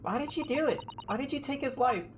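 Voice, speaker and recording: A man voicing an earnest young female assistant, speaking high and pleading, over game music. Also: lively intonation, fairly quick, a little hiss or hum. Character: earnest young Japanese woman assistant, distressed.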